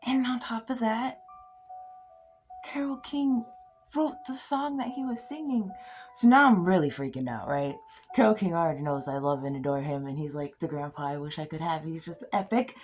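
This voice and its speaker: Woman, casual storytelling chat, giggly and excitable, sudden whispers, faint music underneath. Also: medium pitch, moderate pace. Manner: giggly, excitable, swears freely, drops into whispers. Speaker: poet and podcast host.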